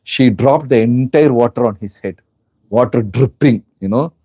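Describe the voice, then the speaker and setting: A man's voice: mid-range voice, normal speed, dark tone, husky, no echo, dull audio. A man with an Indian accent gives a spiritual lecture, telling stories with animation and asking his listeners rhetorical questions. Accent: Indian English. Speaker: spiritual teacher.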